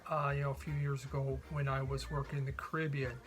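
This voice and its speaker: A middle-aged man hosting a casual vlog about records, telling stories in a relaxed, rambling way. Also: mid-range voice, fast talker, poor audio. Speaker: vinyl record collector host.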